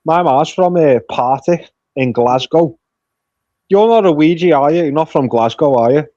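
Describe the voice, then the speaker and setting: Guest: mid-pitched man, blunt, swearing banter, muffled dry lo-fi line. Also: moderate pace, warm tone, no echo. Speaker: podcast guest. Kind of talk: casual podcast chat. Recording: dull dry lo-fi call audio.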